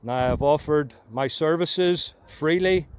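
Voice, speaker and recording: A man's voice: on the high side, measured pace. A Northern Irish man in his forties, a driver at a police stop, arguing insistently in formal pseudo-legal phrases, outdoors in the rain. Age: 40s. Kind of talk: argumentative roadside exchange. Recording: loud wind and traffic noise.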